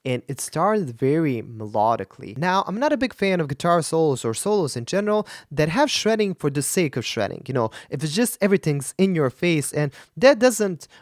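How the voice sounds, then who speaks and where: Animated, enthusiastic male vocal coach. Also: a little high, brisk, few pauses, no room sound, clean studio sound. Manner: enthusiastic, analytical. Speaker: vocal coach reacting to a song. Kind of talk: music reaction commentary. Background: faint rock song playing.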